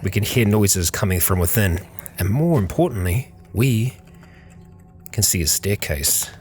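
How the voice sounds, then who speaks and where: A man narrating a game playthrough as host, talking calmly and musing aloud to his character. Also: lowish voice, a little slow, soft background music. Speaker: let's play host.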